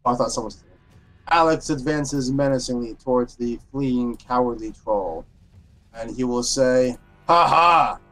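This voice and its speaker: Mid-pitched man narrating his character. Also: steady tone, moderate pace, soft background music, poor audio. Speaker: tabletop game player. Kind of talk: casual game talk.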